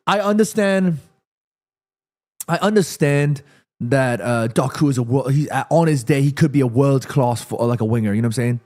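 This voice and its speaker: A man hosting a live football watchalong, reacting excitedly to the play and reading viewer comments aloud. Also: medium pitch, moderate pace. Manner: chatty, addresses viewers and reads their comments. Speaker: watchalong host.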